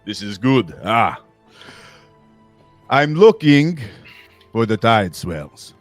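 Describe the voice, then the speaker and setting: A man's voice: lowish voice, big pitch swings, very slow, no room sound, faint music behind, exaggerated voice. A man voicing a big walrus-man bounty hunter who talks in a cheery, offhand way, polite while he threatens. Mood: boisterous. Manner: cheery, offhand, with many ums and uhs.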